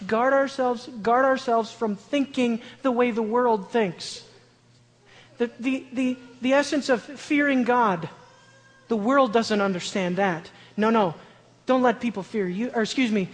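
A man preaching a sermon in an earnest way with a high-pitched voice, building to loud, emphatic declarations. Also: unhurried. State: shaky. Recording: long hall reverb.

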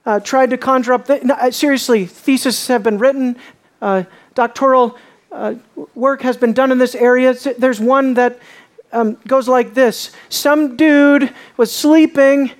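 A man preaching a sermon, asking his listeners questions and dropping low and quiet on key lines. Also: fairly even intonation, moderate pace. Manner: asks the audience questions.

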